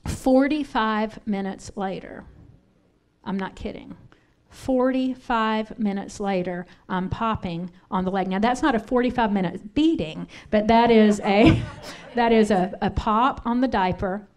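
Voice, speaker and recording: A woman's voice: medium pitch, a little slow, a little mellow. A middle-aged woman giving a candid, conversational sermon on parenting in a church, telling a personal story and asking the audience questions. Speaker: pastor's wife teaching on parenting. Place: church sanctuary.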